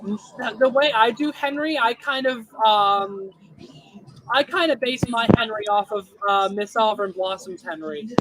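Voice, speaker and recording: A man's voice: high voice, moderate pace, very noisy. A young man streaming a racing game, chatting casually and muttering at the game as he plays. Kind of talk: casual livestream chat.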